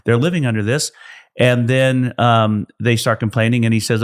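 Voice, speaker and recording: A man's voice: medium pitch, moderate pace. A middle-aged man from California, a pastor, talking earnestly about scripture in a casual podcast conversation and restarting his sentences often. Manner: earnest, with frequent restarts while explaining scripture.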